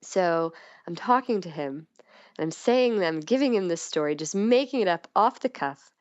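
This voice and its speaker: A woman with a smooth, fairly low voice talks in a relaxed, candid way. She laughs easily and restarts her sentences often. The recording is dry and a little muffled. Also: normal speed, dry recording. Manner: giggly, chatty, frequent restarts and laughs. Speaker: podcast guest. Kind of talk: candid casual chat.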